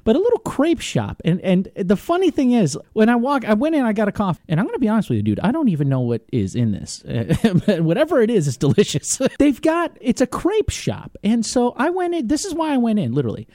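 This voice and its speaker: A man's voice: sits high, wildly swooping pitch, brisk, hardly any pauses, mellow, dry recording. A young man hosting a talk radio show, chatting casually in a studio and laughing often.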